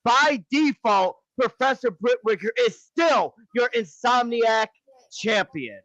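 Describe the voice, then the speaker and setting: High-voiced laid-back male commentator. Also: animated, slow pace, fairly bright tone, no room sound, muffled recording. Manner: laid-back, slangy, joking. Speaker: wrestling commentator and host. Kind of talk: reading wrestling play-by-play, casual banter.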